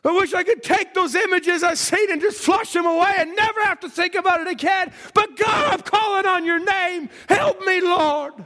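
A man's voice: high voice, normal speed, gravelly, long pauses, voice pushed down. Figure: a preacher acting out a desperate man hollering prayers. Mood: desperate pleading. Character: anguished praying middle-aged man, desperate.

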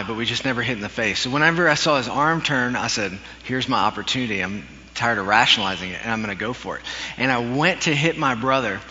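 A man's voice: medium pitch, pushed and bright. A man preaching a sermon, telling a story from his childhood in an earnest way with some self-deprecating humor. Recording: dull recording with long hall reverb.

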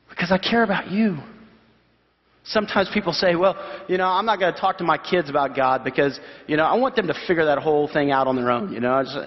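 Animated high-voiced male pastor preaching. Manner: animated storytelling with voiced quotes and sudden high exclamations. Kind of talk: sermon. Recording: dull sound in a reverberant hall.

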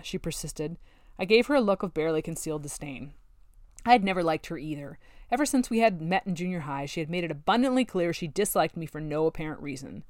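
A woman narrating a novel in the first person, with steady, wry storytelling. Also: low-pitched, a little fast, dry recording, studio quality. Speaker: audiobook narrator.

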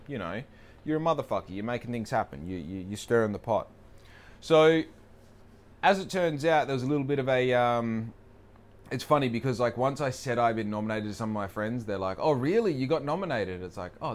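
A man's voice: fairly low pitch, a little hiss or hum. A young man talking casually in a rambling, profane, self-deprecating way. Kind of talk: casual monologue.

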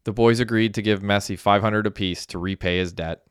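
Smooth low-voiced male narrator. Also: fairly even intonation, a little fast, dry recording, studio quality. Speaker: audiobook narrator. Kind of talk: scripted narration.

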